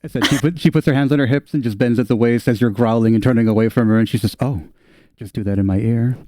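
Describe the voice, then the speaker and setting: A man's voice: mid-range voice, steady tone, rapid-fire, warm tone, no room sound, studio quality. A man narrating as game master in a playful, laughing way.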